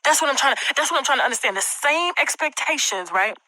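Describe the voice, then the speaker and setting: A woman sounds off on a livestream, indignant and profane, throwing out rhetorical questions. Her high, bright voice comes through dry and close. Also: lively intonation, fast, no echo, low-quality recording. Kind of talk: recorded live-stream rant.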